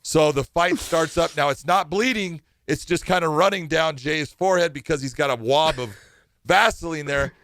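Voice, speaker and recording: A man's voice: on the high side, normal speed, no echo. A man co-hosting a chat show, telling a story and acting out the dialogue as he goes. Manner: animated storyteller, acts out quoted dialogue. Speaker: co-host, former referee.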